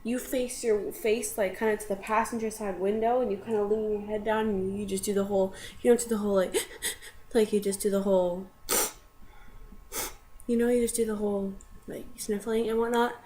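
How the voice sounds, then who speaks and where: Young woman, casual vlog storytelling, rambling, mid-pitched voice, slight background hiss. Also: little pitch movement, brisk, warm tone. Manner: rambling, filler-heavy, with tearful laughing bursts in quotes.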